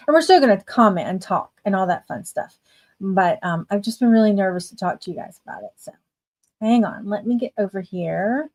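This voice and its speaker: A woman's voice: medium pitch, lively intonation, fairly quick, darkish tone. A woman hosting a writing livestream, chatting casually and greeting viewers fondly by name. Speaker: livestream host of writing sprints.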